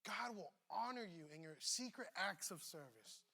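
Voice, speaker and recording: A man's voice: high-pitched, lively intonation, moderate pace, pushed and bright. A man preaching a casual, conversational sermon as pastor, slangy and emphatic, with rises and drops. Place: church.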